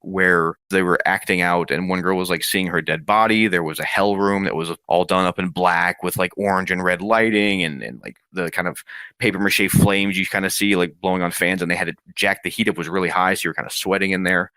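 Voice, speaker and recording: A man in his thirties, an interview guest, telling a personal story in a casual, animated way. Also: sits low, a little fast, clear, resonant tone, dry recording, studio quality. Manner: lively, animated retelling with acted quotes.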